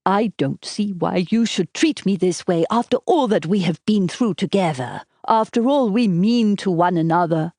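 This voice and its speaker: A lovesick, sulky young man from a storybook mystery, as a female narrator puts him on. He whines and pleads with a lively, rising voice. The recording is dry and close. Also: medium pitch, moderate pace, few pauses, no room sound. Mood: pleading. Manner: whining and pleading.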